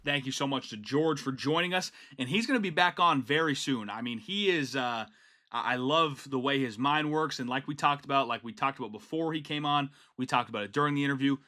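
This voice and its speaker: A man's voice: mid-range voice, brisk, pushed and bright. A man hosting a podcast, responding to his guest with enthusiastic, affirming chat. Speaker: podcast host. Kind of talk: casual interview chat.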